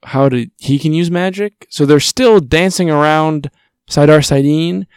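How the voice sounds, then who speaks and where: A man's voice: a little high, moderate pace, smooth, no room sound. A man co-hosting a podcast in casual chat, laid-back, throwing in dry wisecracks. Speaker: podcast co-host.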